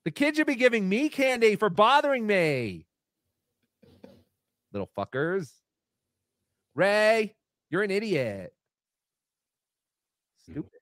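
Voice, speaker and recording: A man doing an impression of a grumpy male comedian, ranting gruffly and insulting trick-or-treaters. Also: high voice, sing-song, slow pace, long pauses, a bit bright, dry recording, studio quality, exaggerated voice.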